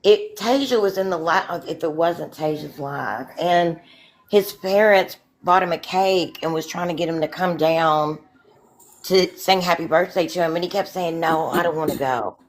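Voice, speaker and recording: A woman's voice: lowish voice, unhurried. A woman co-hosting a casual talk show, emphatic and repeating herself when worked up. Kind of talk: casual chat.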